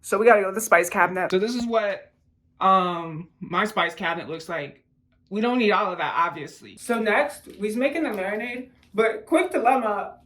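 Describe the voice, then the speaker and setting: A woman chats her way through a home cooking video, explaining each step. She is blunt and profane and throws in mocking asides. Her pitch sits in a middle range. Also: fairly bright tone. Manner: chatty, explaining while cooking. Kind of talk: casual cooking vlog.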